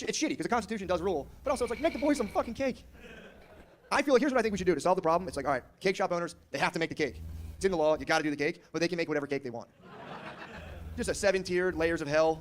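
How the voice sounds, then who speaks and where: A young male stand-up comedian who races through his set at a breakneck clip, his voice sitting a little high. He rambles and riffs casually, with faint hiss underneath. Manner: casual, rambling, riffing with lots of filler.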